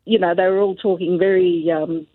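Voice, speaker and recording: A woman's voice: fairly low pitch, fairly even intonation, moderate pace, no echo. An Australian woman calling in to a radio show, friendly and easygoing in her chat. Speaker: caller. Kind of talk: phone-in chat. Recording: tinny phone line.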